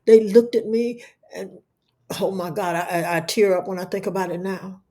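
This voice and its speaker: A woman's voice: medium pitch, fairly even intonation, normal speed, warm tone. A middle-aged woman telling an emotional testimony as an interview guest, speaking in a fervent, preacher-like way and often repeating words. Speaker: guest, entrepreneur.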